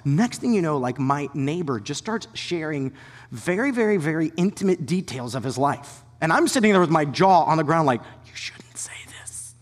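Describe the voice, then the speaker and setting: A man preaching a sermon as a pastor, shifting between animated storytelling and hushed, whispered emphasis. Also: on the high side, long reverb tail. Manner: animated storytelling with quick asides.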